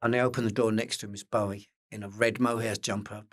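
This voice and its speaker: An older man with an Essex accent, telling lively anecdotes as an interview guest and acting out the quotes. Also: lowish voice, quick pace. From England. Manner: animated anecdotes with acted-out quotes, occasional swearing. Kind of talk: casual storytelling interview.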